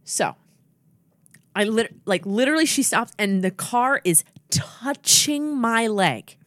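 A woman's voice: a little high, takes it slowly, no room sound. A woman tells a heated story on a casual podcast, acting out every person in it and swearing freely. Her voice swoops up and down with real animation, and the sound is dry and close, with no room around it. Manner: animated, profane, acts out the other people in her story. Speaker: podcast co-host.

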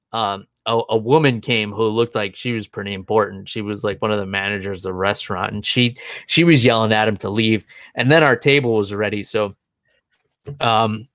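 A man's voice: lowish voice, a bit bright, no echo, studio quality. Chuckling man telling a story. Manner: chuckling, filler-heavy storytelling. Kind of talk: casual anecdote telling.

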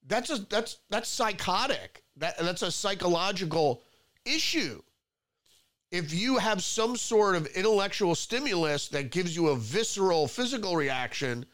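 Male solo commentary host, slightly high pitch, reads headlines and riffs on them in a rambling way with mocking outbursts. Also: a bit bright.

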